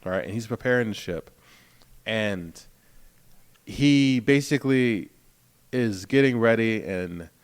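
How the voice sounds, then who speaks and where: A man's voice: lowish voice, lively intonation, slow, long pauses, clear, resonant tone. A man from Philadelphia co-hosting a podcast, walking through TV scenes in laid-back, conversational chat. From Philadelphia, USA. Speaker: podcast co-host. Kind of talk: casual TV recap chat.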